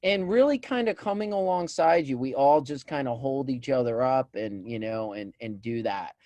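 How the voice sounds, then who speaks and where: A man co-hosting a casual talk show, telling self-deprecating stories with animated energy and bursts of loud laughter. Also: medium pitch, normal speed, dry recording. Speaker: podcast co-host. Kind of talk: casual chat.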